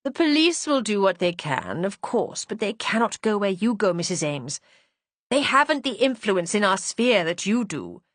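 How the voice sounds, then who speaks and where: A woman reader gives an older society lady in this storybook a formal, earnest tone, pleading for help. The voice moves lively in pitch and sounds close and dry. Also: moderate pace, no echo.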